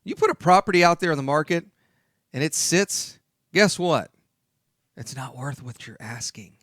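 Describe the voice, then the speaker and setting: A man's voice: fairly high pitch, animated, moderate pace, a bit bright, no echo, studio quality. A man hosting a talk radio show, speaking emphatically and repeating his key points.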